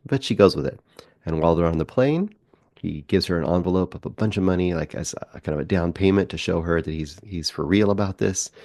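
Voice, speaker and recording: A man's voice: low voice, fairly quick, darkish tone, no room sound, studio quality. A man on a film podcast casually recapping a movie plot in a rambling way, acting out bits of the characters' talk as he goes. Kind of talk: casual movie review chat.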